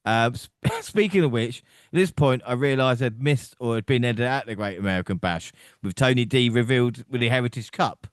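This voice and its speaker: A man co-hosting a casual podcast, talking at an ordinary middle pitch. He rambles from point to point, laughs often and keeps asking if you know what he means. The sound is dry and close, with no room echo. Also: fairly quick, few pauses. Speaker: podcast co-host. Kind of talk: casual chat.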